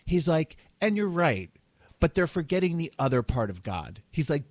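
A man's voice: on the high side, sing-song, normal speed, no room sound. A man hosting a podcast in casual chat, outspoken and profane, mocking what he dislikes. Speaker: podcast host.

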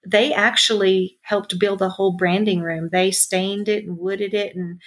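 A woman's voice: medium pitch, fairly even intonation, measured pace. A middle-aged woman, a ranch owner, chatting in an interview and telling stories with lots of ums and asides. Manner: chatty, warm storyteller with many fillers. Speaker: ranch owner and bar owner, guest. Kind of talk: casual interview storytelling.

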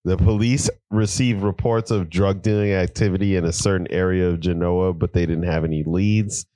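A man's voice: sits low, fairly even intonation, mellow, no room sound. A man co-hosting a casual podcast who reads out stories and laughs easily. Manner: unhurried, laughs a lot. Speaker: podcast co-host. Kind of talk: casual chat, reading out news stories.

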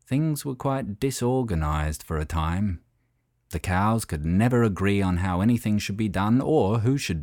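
A man narrating a children's story in an expressive, animated way. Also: fairly low pitch, no echo, clean studio sound.

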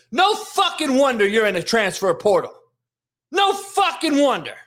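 Shrill, furious man ranting. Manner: angry, yelling, heavy swearing. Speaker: host of a daily rant show. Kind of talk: profane sports rant.

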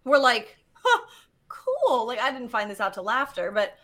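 Bright high-voiced woman telling a story. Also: a little fast. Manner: animated, swearing, acts out quotes. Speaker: guest geologist. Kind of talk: casual storytelling.

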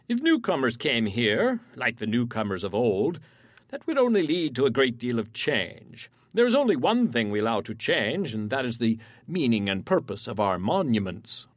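Smug formal islander, lively delivery, close dry mic. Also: male voice, mid-range voice, normal speed, no room sound. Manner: calm explaining, formal. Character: smug self-assured male island official. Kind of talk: audio drama acting.

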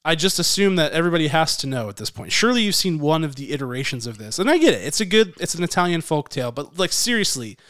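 A man co-hosting a casual podcast, his voice a touch high with a smooth, clear tone. He jokes and rants in a lively way, recorded close and dry with no room sound. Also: fast talker, few pauses, no echo. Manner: animated, joking, rant-prone. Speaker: podcast co-host.

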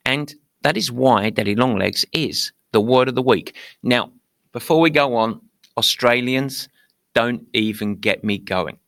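British male podcast host, gravelly and dry-sounding, playful and theatrical. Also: medium pitch, measured pace, fairly bright tone, no echo. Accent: British English. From England. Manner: playful, theatrical, mock-indignant. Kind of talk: upbeat podcast monologue.

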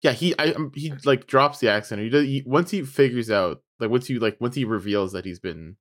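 A man with a mid-pitched voice chats on a podcast, pressing his point insistently, laughing often and swearing freely. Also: fairly quick, fairly bright tone. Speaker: podcast co-host. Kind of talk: casual chat.

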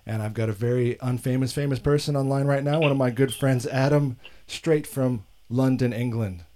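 A man's voice: medium pitch, steady tone, moderate pace, mellow. American male host, casual and self-mocking banter. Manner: joking, self-deprecating. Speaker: podcast host. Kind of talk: casual chat.

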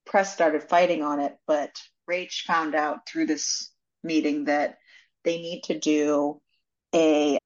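A woman's voice: low-pitched, flat delivery, slow pace, muffled recording. A young woman co-hosting a casual book club podcast, retelling a romance plot loosely and swearing freely. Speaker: podcast co-host.

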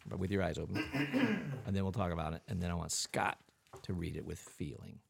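A man's voice: deep voice, fairly even intonation, fairly quick, vocal fry, slight background noise. A man hosting a comedy podcast in casual chat, laughing often and directing the others. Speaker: podcast host.

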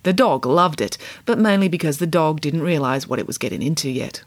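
A woman narrating a children's story aloud in a gently humorous, expressive way. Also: low-pitched, a little fast, no echo.

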